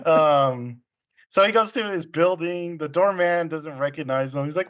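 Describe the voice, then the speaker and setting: A man's voice: on the high side, expressive, a little slow. A man casually recapping an old film with friends, rambling, often laughing and acting out quotes. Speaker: podcast co-host recapping a film. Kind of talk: casual chat.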